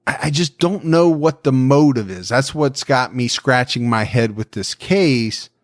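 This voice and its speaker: A man's voice: medium pitch, lively intonation, no echo, clean studio sound. A man co-hosting a true-crime podcast, talking through a case in a musing, conversational way. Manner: musing, conversational, quick to laugh. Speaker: podcast co-host.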